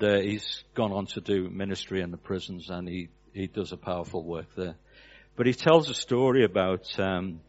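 Low-voiced man preaching a sermon, lo-fi sound. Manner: storytelling with earnest, dropping cadence. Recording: dull lo-fi recording.

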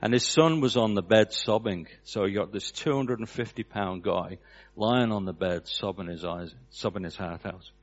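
A man's voice: fairly low pitch, moderate pace. A man preaching a sermon, telling a story with an earnest cadence that drops away at the ends of phrases. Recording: dull lo-fi recording.

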